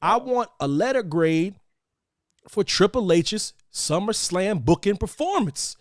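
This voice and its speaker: A man hosting a casual wrestling podcast, loud and excitable, trash-talking and bantering with his co-hosts. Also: high voice, unhurried, no echo, clean studio sound. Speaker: podcast host.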